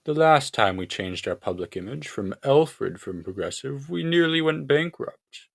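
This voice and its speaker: A man's voice: medium pitch, lively intonation, a little slow, vocal fry, dry recording, clean studio sound. A man voicing a guarded, slightly annoyed female company chief in a read-aloud story. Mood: measured.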